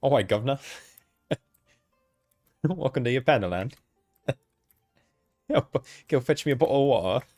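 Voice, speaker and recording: A man's voice: mid-range voice, lively intonation, unhurried, pauses often, darkish tone, dry recording, studio quality, faint music behind, voice pushed up. A man putting on a cheeky panda bloke. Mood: mock-bossy.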